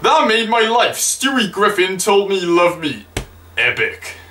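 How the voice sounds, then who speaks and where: A young man from Wales, excitedly telling a story to camera and swearing freely. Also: high-pitched, normal speed. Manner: excitable, sweary, gushing fan. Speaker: vlogger.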